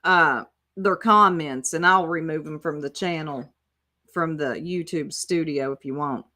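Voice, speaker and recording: A woman's voice: deep voice, unhurried, pushed and bright. A woman hosting casual reaction commentary, sarcastic and profane, talking back to the clips she plays. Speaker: YouTube commentator.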